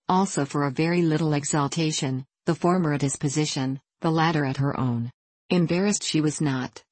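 A woman narrating a classic novel in a measured reading voice, voicing each character with small shifts. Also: sits low, a little mellow, no echo. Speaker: audiobook narrator.

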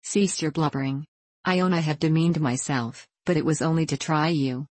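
A woman's voice: low voice, steady tone, normal speed, darkish tone, dry recording. A woman reading the lines of an overbearing male master in an audiobook, in a commanding, scolding manner.

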